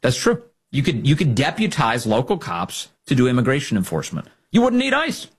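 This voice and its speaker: With a husky voice, brisk pacing, and huge pitch swings, this man hosts a political talk show full of opinion. He sneers at his opponents, imitating them in high, put-on voices.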